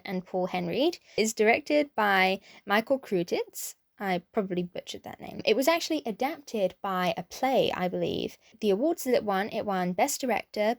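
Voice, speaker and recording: A young British woman chatting casually as a film vlogger, thinking aloud with small restarts and hedges. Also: medium pitch. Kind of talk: casual chat, film review.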